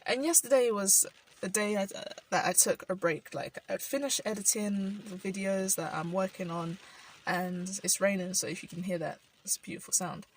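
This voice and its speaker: Her voice mid-range and her pace moderate, a young South London woman with a London accent muses thoughtfully in a personal vlog, often saying "like" and laughing softly. She's indoors as rain falls outside, recorded far from the mic with some hiss or hum and rough quality.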